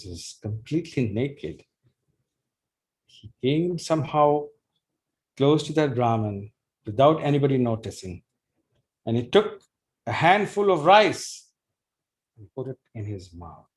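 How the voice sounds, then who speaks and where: A man's voice: mid-range voice, measured pace, pauses often. A man telling a devotional story to an audience, acting out the voices of its figures. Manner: animated, acts out voices.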